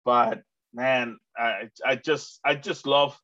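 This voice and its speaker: A man's voice: mid-range voice, steady tone, takes it slowly, pushed and bright, dry recording, muffled recording. A man from Mexico interviewing a guest in casual chat, rambling with many restarts. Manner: rambling, many restarts, acts out quoted voices.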